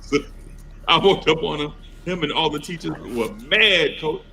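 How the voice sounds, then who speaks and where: A man's voice: a little high, moderate pace, gravelly, a crowd in the background. A man hosting a casual sports talk show, telling stories with animation and acting out other people's voices. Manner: animated storyteller, acts out voices. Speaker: podcast host.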